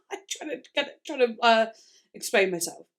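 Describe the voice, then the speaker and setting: A woman's voice: fairly high pitch, animated, a little slow, fairly bright tone. A young woman from the UK with a British accent, chatting casually in a music reaction vlog, rambling and tripping over her words. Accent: British English. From United Kingdom. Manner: rambling, all over the place, trips over words. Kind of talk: casual chat.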